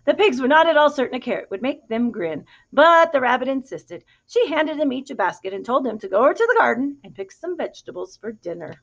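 Woman, picture-book read-aloud, animated, asks the listener questions, fairly high pitch, muffled recording. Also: fast talker, gravelly, hardly any pauses. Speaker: storyteller reading to a child. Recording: dull lo-fi recording.

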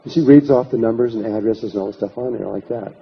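A man's voice: lowish voice, fast talker, creaky, breathy edge. A man lecturing to an audience, telling an anecdote and retelling what people said in his own voice. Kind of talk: storytelling lecture. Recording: slightly muffled lecture recording.

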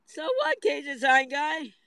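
A man's voice: extremely high pitch, big pitch swings, unhurried, vocal fry, sharp tone, no room sound, low-quality recording. A man rambling through a livestream monologue from a parked car in the hot sun, complaining and aggrieved, at times tearful.

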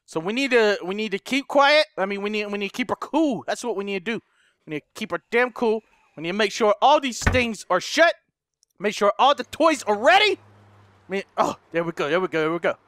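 A young man with a high, bright, ringing voice, talking through a game in a frantic rush. He yells, swears and laughs at what happens on screen, then drops into low muttering while planning his next move. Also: lively intonation, a little fast, smooth, no echo. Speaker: gaming YouTuber. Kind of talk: let's play commentary.

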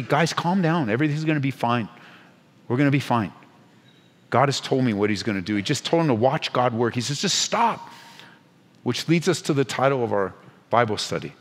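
A man preaching as a pastor at a Bible study, moving between hushed, intimate lines and loud, urgent exhortation, with playful asides. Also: mid-range voice, long reverb tail. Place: church sanctuary.

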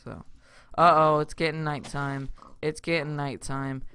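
A young man chatting his way through a block-building game, rambling and filling gaps with little asides. His voice is bright and crisp with a gravelly fry underneath, recorded close on a desktop mic. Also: a little high, level tone, measured pace. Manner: rambling, chatty, self-interrupting with lots of fillers. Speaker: gaming YouTuber. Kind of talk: casual Minecraft let's play commentary.

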